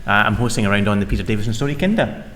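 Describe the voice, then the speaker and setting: A man's voice: fairly low pitch, animated, fairly bright tone. A man, co-hosting a casual panel chat in a joking, chatty way. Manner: chatty, joking, quick to laugh. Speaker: regular co-host. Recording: reverberant room with faint noise.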